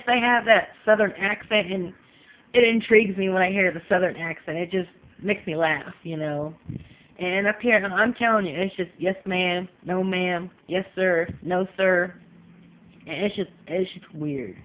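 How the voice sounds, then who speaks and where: Woman from California, casual home vlogger, chatty and emphatic, muffled lo-fi sound. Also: on the low side. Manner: chatty, emphatic, leans on "you know". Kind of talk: casual opinion vlog. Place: home in Texas.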